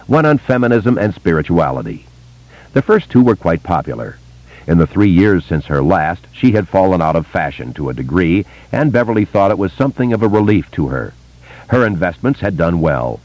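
A man narrating a novel in a steady, measured reading voice. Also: low-pitched, no echo. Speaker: audiobook narrator. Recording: dull, dry lo-fi recording.

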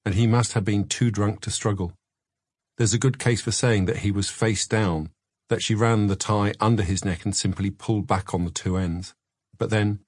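A man with a low, husky voice narrates a memoir in a measured, matter-of-fact way. He is close on the mic in a dry, dead studio. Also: a little mellow, no echo. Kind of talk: scripted audiobook narration.

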